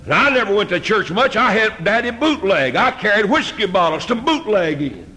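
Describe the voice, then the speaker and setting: A middle-aged man preaching a fiery storytelling sermon, moving from hushed tales to shouted exhortation. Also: sits high, big pitch swings, moderate pace.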